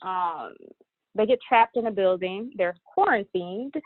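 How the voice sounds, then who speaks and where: A woman calling in as a podcast guest, talking casually in an easygoing, halting way with many fillers. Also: mid-range voice, dry recording. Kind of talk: casual chat. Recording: tinny phone-line call.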